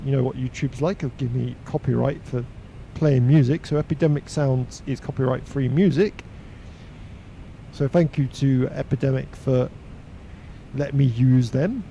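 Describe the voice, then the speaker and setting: A man chatting casually on a flight sim live stream, talkative and quick to laugh. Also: medium pitch, gravelly, mellow, a little hiss or hum. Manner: chatty, laughs easily, uses slangy exclamations.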